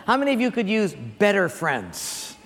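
Man, pastor, sermon, animated storytelling, high voice, echoing church. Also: normal speed, a little hiss or hum. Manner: animated storytelling, audience questions. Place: church sanctuary. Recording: long church reverb.

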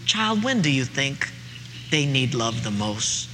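A man voicing a compassionate older Southern mother with a Southern accent, asking gentle questions, recorded in a reverberant hall with faint ambience. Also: mid-range voice, sing-song, slow pace, slight background noise, full character voice. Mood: tender pleading. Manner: gentle pleading, rhetorical questions.

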